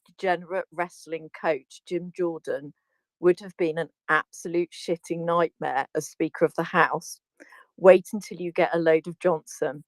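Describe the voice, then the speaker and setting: A woman's voice: lowish voice, no echo, low-quality recording. A woman with a British accent, a teacher, reading a profane piece aloud with glee and laughter in a casual live audio chat. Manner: gleeful, laughing while reading a profane rant.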